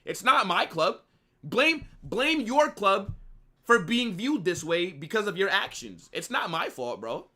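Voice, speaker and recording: A young man runs a live football watch-along and spars with his chat, mocking and needling the commenters. His voice sits high and bright, and his pitch swings widely as he talks. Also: sing-song, measured pace.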